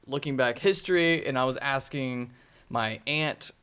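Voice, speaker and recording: A man's voice: medium pitch, unhurried, pushed and bright, clean tone. A man from the southern United States, chatting casually as a podcast host and rambling through his stories with many fillers. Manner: rambling, filler-heavy storytelling. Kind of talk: casual chat.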